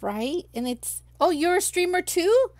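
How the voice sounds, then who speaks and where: A woman's voice: very high-pitched, very animated, measured pace, a little mellow, dry recording. Chatty woman streaming her crafting. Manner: chatty, talks to herself while working, reads chat aloud. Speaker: crafting livestream host. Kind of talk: casual livestream crafting chat.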